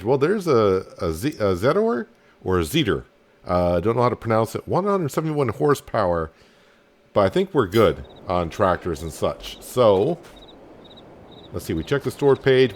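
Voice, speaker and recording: A man casually commenting as he plays a farming game, thinking aloud with many fillers. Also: fairly low pitch. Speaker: gaming channel host. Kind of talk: casual let's-play commentary.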